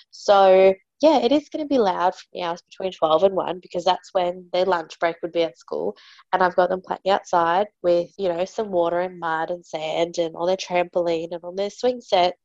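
Woman, 30s, animated exasperated storyteller; dull, dry recording. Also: dry recording. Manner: animated, exasperated, mimics others in raised pitch. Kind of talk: casual storytelling.

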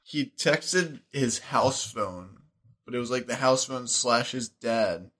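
A man's voice: mid-range voice, expressive, slow pace, fairly bright tone. Young male co-host, mid-range voice, laid-back sidekick who adds details and laughs along. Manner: chiming in with short details and laughter. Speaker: podcast co-host. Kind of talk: casual movie recap chat.

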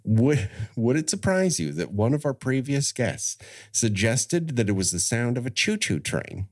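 A man's voice: mid-range voice, big pitch swings, measured pace. A middle-aged man hosting a podcast, chatting casually and explaining things at length with frequent restarts. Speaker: podcast host. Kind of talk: casual chat.

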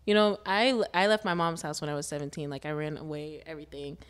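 A young woman guesting on a podcast, talking in a relaxed, casual way. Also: low voice, fast, a little hiss or hum.

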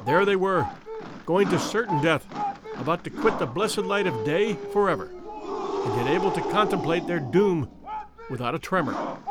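A man narrates an adventure story in the first person. His reading is measured and expressive, and his voice sits a little higher than most men's. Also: noisy background. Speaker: audiobook narrator.

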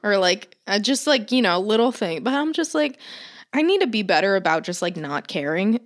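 A woman's voice: medium pitch, big pitch swings, normal speed. A woman co-hosting a podcast, chatting casually, rambling, laughing often and swearing freely. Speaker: podcast co-host. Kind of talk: casual chat.

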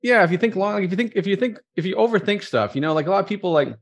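A man who is an entrepreneur, speaking as a podcast guest in a relaxed way with many fillers. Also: sits high. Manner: rapid, filler-heavy, relaxed. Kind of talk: casual interview talk.

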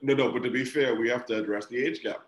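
Excitable man in a roomy space. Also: medium pitch, very fast. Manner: excitable, slangy banter. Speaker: podcast co-host. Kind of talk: casual chat.

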